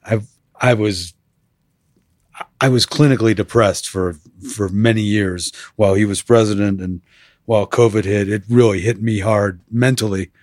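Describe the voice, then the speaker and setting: A low-pitched man chats as a podcast guest in a laid-back, halting way. He clears his throat often. The sound is dry and close. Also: fairly even intonation, darkish tone, no room sound. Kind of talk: casual chat.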